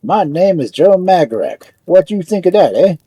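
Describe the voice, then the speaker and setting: A huge, easygoing steelworker boasts in broken immigrant English, voiced by a man. The voice is very dark and husky, with lively pitch, and sounds close and dry with no room around it. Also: normal speed, dry recording, full character voice. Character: huge good-natured male steelworker made of steel.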